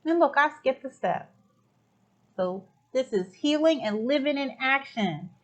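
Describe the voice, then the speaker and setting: A woman's voice: high voice, animated, unhurried. A woman from the United States hosting a spiritual talk show, effusive and exclaiming as she affirms her guests. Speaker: podcast host.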